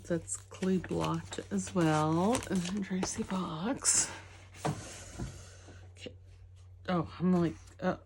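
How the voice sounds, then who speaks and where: A woman's voice: fairly low pitch, background noise. A woman with a Southern US accent chatting casually as she works on a craft project, talking to her viewers and now and then to her dog. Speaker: crafting channel host. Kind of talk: casual crafting vlog chat.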